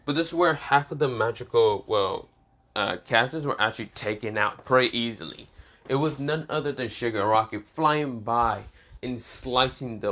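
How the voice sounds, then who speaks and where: A man's voice: medium pitch, a bit bright. A man tells an improvised fan-made story in a loose, casual way. He often stalls, corrects himself and reaches for words mid-sentence. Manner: halting, full of fillers and self-corrections. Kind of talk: improvised fan-fiction narration.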